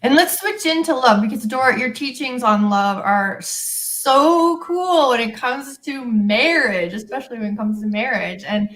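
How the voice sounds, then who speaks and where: A woman's voice: on the high side, a bit bright. A woman hosting a live interview, effusive and enthusiastic, laughing often as she praises her guest. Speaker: host.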